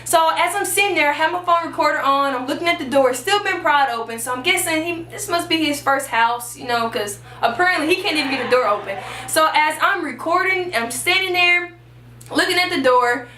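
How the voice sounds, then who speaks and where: A young woman from Texas tells a storytime for her channel, high and bright in tone. She jumps into the voices of everyone she quotes. The sound is echoey, with the mic set a little away from her. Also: brisk, far from the mic, faint music behind. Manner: animated, acts out the quoted voices. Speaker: YouTuber. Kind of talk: storytime vlog.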